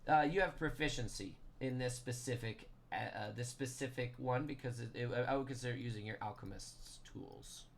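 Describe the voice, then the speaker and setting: A man runs a tabletop game as game master. He narrates in a rambling way, doubling back and correcting himself, at an average pitch for a man. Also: fairly quick, few pauses, slight background noise.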